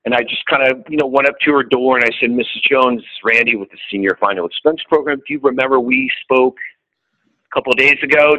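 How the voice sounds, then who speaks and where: A middle-aged man tells a group about his sales appointments with a bright, forward voice. He talks casually and swears freely, playing both himself and his customers as he goes. The sound is dull and lo-fi, as if heard through a radio. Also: mid-range voice. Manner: candid and profane, acting out both sides of conversations. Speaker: insurance salesman.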